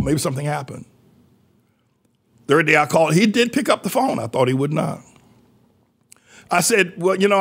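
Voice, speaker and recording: A man's voice: a little high, creaky, slightly rough. An older man, a pastor, telling a story from the pulpit and acting out the people who phoned him. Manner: animated, acts out quoted callers in his own voice. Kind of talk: preaching storytelling.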